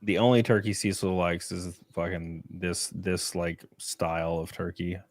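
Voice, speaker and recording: A man's voice: low-pitched, flat delivery, unhurried, no echo, clean studio sound. A man cracking crude jokes in casual livestream banter. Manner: crude, joking.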